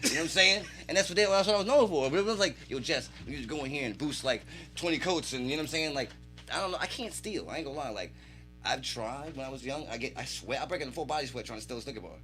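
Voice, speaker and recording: A man telling animated, swear-filled stories as a podcast guest in a radio studio. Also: on the high side, very fast, faint music behind. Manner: animated storytelling, heavy swearing. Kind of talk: casual chat.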